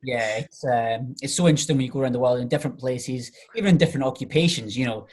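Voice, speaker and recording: A man's voice: medium pitch, fast, darkish tone. A man talking as a podcast guest, a coach chatting casually and explaining ideas with lots of everyday examples and filler phrases.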